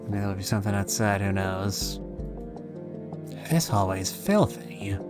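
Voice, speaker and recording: A man streams a game, tossing off dry, sarcastic remarks in an unhurried, mid-pitched voice. Game music plays clearly behind him. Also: animated. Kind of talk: game playthrough commentary, reading dialogue.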